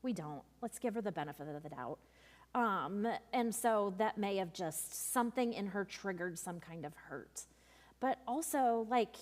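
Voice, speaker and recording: A woman's voice: a little high, darkish tone. A woman youth leader giving a workshop talk, chatty and full of ums and asides as she tells stories. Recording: long reverb of a large room.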